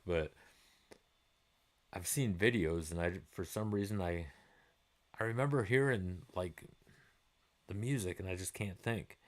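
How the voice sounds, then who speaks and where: A middle-aged man hosting a livestream, chatting loosely with viewers, swearing freely and laughing easily. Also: low voice. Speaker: livestream host. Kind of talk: casual chat answering viewer comments.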